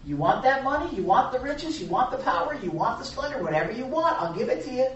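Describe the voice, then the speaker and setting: A speaker voicing a smooth-talking devil who tempts listeners with riches and power in a wheedling, pushy way. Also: medium pitch, very animated, fast, fairly bright tone, highs cut off, pitched above the performer's own voice. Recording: echoey room from far off, faint noise.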